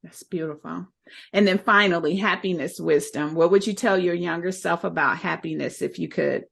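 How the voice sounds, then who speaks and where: A woman's voice: fairly low pitch, normal speed, vocal fry. A woman hosting a podcast interview, affirming her guest and asking closing questions. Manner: warm, affirming, encouraging. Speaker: podcast host.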